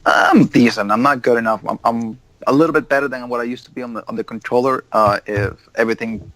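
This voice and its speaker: Male co-host, mid-pitched, halting then eager delivery. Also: steady tone, a bit bright, rough recording. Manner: hesitant, filler-heavy, enthusiastic. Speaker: podcast co-host. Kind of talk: casual chat.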